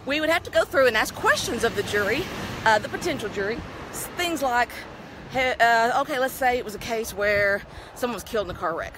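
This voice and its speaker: A woman's voice: fairly high pitch, expressive, a little fast, background noise. A middle-aged woman with a Texan accent talks in a chatty, upbeat and folksy way as she walks along a street outdoors, speaking into a handheld phone. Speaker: vlogger. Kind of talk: casual talking-head vlog. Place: outdoors on a town street, walking.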